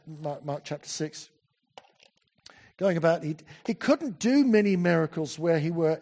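A man preaching a sermon in a church, chatty and animated, full of asides and self-corrections. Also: on the high side.

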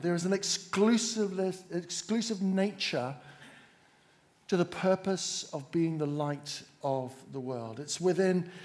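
A man preaching a sermon to a congregation, measured and emphatic, drawing the listeners in. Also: fairly high pitch, a little mellow.

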